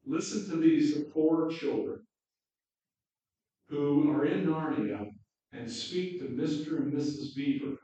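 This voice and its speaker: A male pastor preaching a sermon and reading a story aloud, slow and deliberate, recorded from afar in an echoey hall. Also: a little high, mellow. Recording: dull echoey hall from far off.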